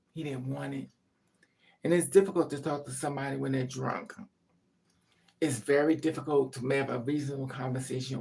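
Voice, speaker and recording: A woman's voice: low voice, a little mellow. A woman vlogger telling a rambling, profane story in casual chat to her viewers.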